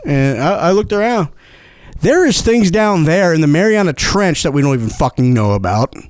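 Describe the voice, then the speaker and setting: A man hosting a comedy show whose high voice swings widely as he rants, foul-mouthed and excitable. He stumbles and repeats himself, and the sound is dry and close. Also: normal speed, no room sound. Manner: profane, excitable, stumbling over words. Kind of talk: rambling comedic rant.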